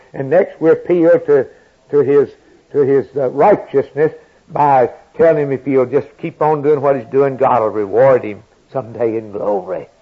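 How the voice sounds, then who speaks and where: A man preaching a sermon, building from quiet reasoning to high, impassioned cries. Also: narrow, tinny audio.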